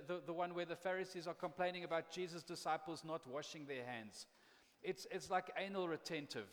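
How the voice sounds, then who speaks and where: A man pastor preaching a sermon in a conversational, impassioned way, often repeating words as he builds up steam. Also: high-pitched. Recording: long reverb of a large hall.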